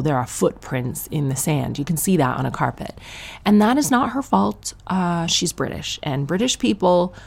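A woman, a tired new mother, doing a brash comic monologue as a podcast host, ranting with animated outbursts. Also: deep voice, creaky. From Canada.

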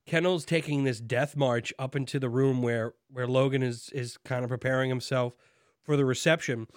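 Man co-host, animated and jokey, in a dry room. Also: medium pitch, moderate pace, no room sound. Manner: animated, jokey, acts out lines from the show. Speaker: podcast co-host. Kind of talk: casual chat.

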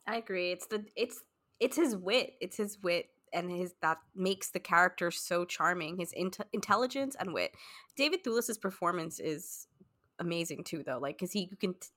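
A woman's voice: on the low side, lively intonation, normal speed, fairly bright tone. A woman giving her views on a film in an earnest, rambling way, full of "like", in a casual discussion. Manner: earnest, rambling, many "like" fillers. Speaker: podcast panelist.

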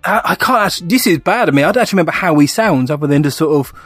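A man's voice: fairly high pitch, expressive, racing, fairly bright tone, breathy edge, dry recording, faint music behind. A man co-hosting a podcast in casual chat, hesitant with fillers and laughing often. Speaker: podcast co-host.

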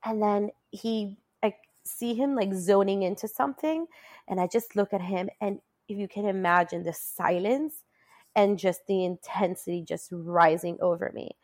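A woman of medium pitch talks at normal speed with no room sound, a guest in a casual chat. Chatty and quick to laugh, she tells a personal story that rises into animated quoting.

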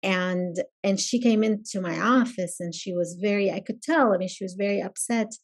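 A woman professor as a podcast guest, speaking thoughtfully and pausing often to find her words. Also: mid-range voice. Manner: thoughtful, searching for words with pauses. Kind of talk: casual conversational interview.

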